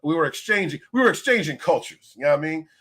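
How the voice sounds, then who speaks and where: A man's voice: fairly high pitch, animated, fast, fairly bright tone, breathy edge. A man hosting a casual livestream, greeting his chat by name, laughing often and swearing freely. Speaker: livestream host.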